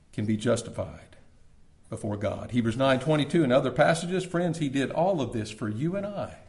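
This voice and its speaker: Guy preaching a sermon at church, mid-pitched voice, big pauses, goes loud then real soft. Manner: dramatic pauses, swelling then dropping to near-whispers. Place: church service.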